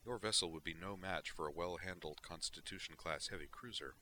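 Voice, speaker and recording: A man's voice: deep voice, a little fast, bright, forceful tone, a little hiss or hum. A man reading the lines of a haughty, cold female Vulcan officer. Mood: cool. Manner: haughty, clipped.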